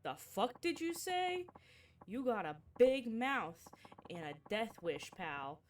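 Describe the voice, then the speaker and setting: A woman's voice: on the high side, big pitch swings, takes it slowly, recorded from a distance. A woman voicing crude, aggressive male street thugs in a video game. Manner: aggressive, sneering, foul-mouthed.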